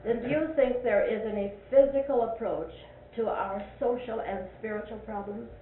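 A woman's voice: fairly high pitch, moderate pace, recorded from a distance. An older woman leads a church Bible class, asking question after question and repeating her points for emphasis. Her folksy voice rings through a roomy space. The recording is thin and phone-like, with a faint hiss underneath. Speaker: Sunday school teacher. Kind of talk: leading a Bible class discussion.

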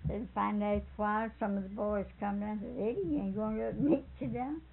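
A woman's voice: medium pitch, fast talker, gravelly, breathy edge. An older woman telling a rambling family story, chuckling and correcting herself as she goes. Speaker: storyteller interviewee. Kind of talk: folksy anecdote telling. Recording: tinny phone-like tape with faint hiss.

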